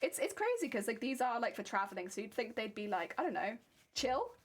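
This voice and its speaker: A woman's voice: a little high, big pitch swings, fairly quick. A young woman from Wales chatting casually on a livestream while ironing fabric, reading chat aloud and laughing often. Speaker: craft streamer.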